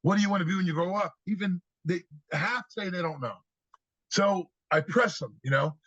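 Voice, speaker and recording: A man with a fairly high, husky voice tells stories on a podcast, acting out the children he talks to. The sound is dry and a little dull, like a simple podcast setup. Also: moderate pace, dry recording. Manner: animated storyteller, acts out kids' answers. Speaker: podcast guest, youth speaker. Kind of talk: storytelling interview talk.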